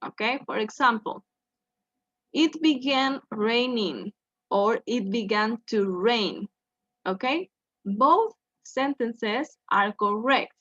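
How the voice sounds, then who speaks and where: A woman walks students through an English grammar point, speaking slowly and tagging "okay" onto nearly every step. Her voice sits a little high, close and dry. The sound is dull and lo-fi. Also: animated, a bit bright, no room sound. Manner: slow, repeats "okay" to check in with students. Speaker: English teacher. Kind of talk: online grammar lesson.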